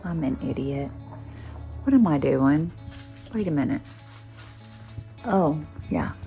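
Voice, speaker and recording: A woman chatting at an unhurried, gentle pace with a lowish voice, talking to her camera on a tripod at home. Her manner is soft and chatty, and she slips into cooing baby talk. Faint music plays underneath. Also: animated. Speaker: knitting vlogger. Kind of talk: casual vlog chat. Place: living room at home.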